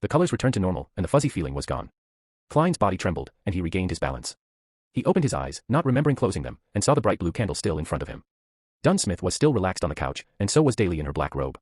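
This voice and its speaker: A man narrates a novel chapter summary with a very deep, slightly husky voice. He reads quickly, and his pitch rises and falls a lot. The sound is dry and close. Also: big pitch swings, darkish tone, no room sound.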